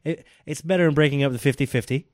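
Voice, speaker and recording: A man's voice: fairly high pitch, fast, darkish tone, no echo, clean studio sound. Joking man co-hosting a podcast. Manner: joking, teasing questions. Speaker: podcast co-host. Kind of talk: casual wrestling chat.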